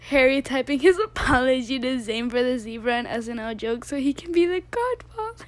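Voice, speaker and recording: A woman's voice: high voice, lively intonation, brisk. A young woman reading fan tweets aloud in a casual way, often breaking into laughter. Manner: giggly, keeps breaking into laughter.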